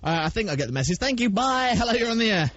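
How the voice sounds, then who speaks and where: A man's voice: sits high, expressive, very fast, fairly bright tone, no echo. A man hosting a live evening radio show and teasing his callers with cheeky banter. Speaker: radio host. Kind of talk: lively radio presenting. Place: radio studio. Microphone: studio mic. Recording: muffled radio broadcast recording.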